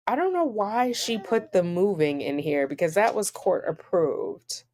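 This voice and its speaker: A woman's voice: mid-range voice, expressive, unhurried, hardly any pauses, darkish tone. A woman reading court filings aloud and breaking off into dry, sarcastic commentary. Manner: sarcastic, dryly incredulous asides. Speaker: online commentator.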